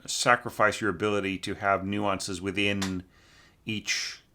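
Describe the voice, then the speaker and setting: An orchestration teacher critiques a student's score in a lowish, level, sharp-toned voice at a measured pace, with a little hiss or hum in the recording. He speaks informally with many fillers and tag questions, humming and scatting lines to demonstrate phrasing.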